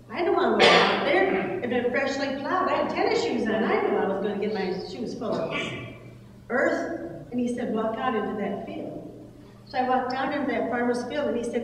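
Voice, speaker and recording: An older woman giving an earnest personal testimony sermon at a church service, telling her story with halting restarts. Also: high voice, animated, slight background noise. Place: church sanctuary. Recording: echoey hall from far off.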